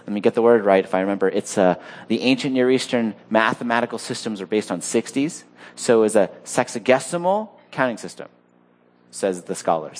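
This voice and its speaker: A man preaching a sermon in a lively, humorous and conversational way. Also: mid-range voice. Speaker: pastor.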